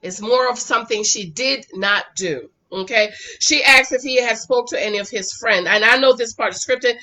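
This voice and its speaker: Sassy bright-voiced woman recapping TV. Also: a little high, normal speed. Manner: sassy, scolds the people on screen; animated, switches between loud and quiet asides. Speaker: reality TV reviewer. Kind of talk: casual recap commentary.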